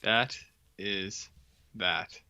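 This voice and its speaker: A man co-hosting a film podcast, chiming in with wry deadpan jokes and short replies. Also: lowish voice, extremely slow, gravelly, clean tone, lo-fi sound. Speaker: podcast co-host. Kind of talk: casual film review chat.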